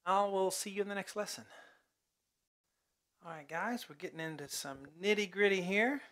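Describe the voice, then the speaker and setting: A man's voice: sits high, moderate pace. A man teaching an online piano lesson in a casual, chatty way, sometimes singing the notes as syllables. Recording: loud piano playing along.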